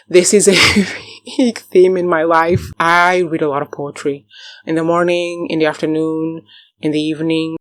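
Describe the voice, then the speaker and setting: A woman's voice: sits low, dry recording, studio quality. A woman talking casually in a book vlog, chatty and enthusiastic, laughing often and wandering into self-correcting asides. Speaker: book vlogger.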